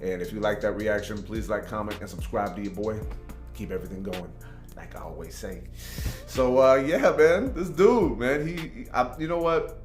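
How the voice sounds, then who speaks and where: A man's voice: lowish voice, moderate pace, reverberant, faint music behind. A man hosting a reaction video, chatting casually and rambling, with "man" and "you know" in every other sentence. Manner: laid-back, rambling, says "man" and "you know" often.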